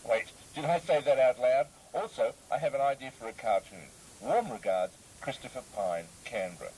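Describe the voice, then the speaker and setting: A man giving a dry, deadpan comic reading of listener letters on the radio. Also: mid-range voice, moderate pace, hardly any pauses, slight background noise, rough recording. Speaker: radio comedy reader.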